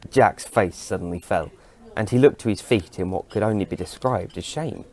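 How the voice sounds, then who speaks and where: A man narrating a fan audio drama in a steady storytelling manner. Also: low voice, a little fast.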